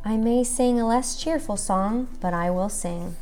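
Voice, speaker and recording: A woman's voice: on the high side, a little slow, dark tone, faint music behind, natural voice. A woman voicing a cheerful, stubborn little rooster in a storybook read-aloud, with a lilting, lifted voice. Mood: merry. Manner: cheerful, determined.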